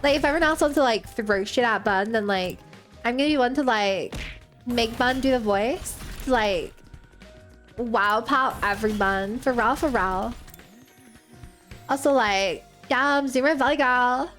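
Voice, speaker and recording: Streamer woman playing a slangy, gushing valley girl, fairly high voice, faint music under it. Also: fairly bright tone. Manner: filler-heavy slang, drawn-out phrases.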